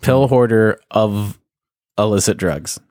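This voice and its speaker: A man's voice: fairly low pitch, takes it slowly, a little mellow, no echo, studio quality. A man hosting a casual podcast game segment, teasing and playful as he quizzes his guests. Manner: playful, teasing quiz-master. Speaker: host.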